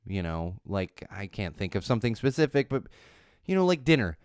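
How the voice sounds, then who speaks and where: A man's voice: fairly low pitch, big pitch swings, a little fast, clear, resonant tone, dry recording, studio quality. A man in his thirties hosting a parenting talk, emphatic and repetitive, with many fillers and restarts. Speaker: parenting podcast host. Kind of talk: casual solo talk.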